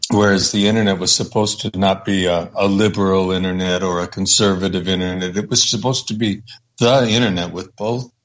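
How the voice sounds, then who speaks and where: Man, low husky voice, rambling radio talk, dull lo-fi sound. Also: fairly even intonation, fairly quick. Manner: rambling, digressive.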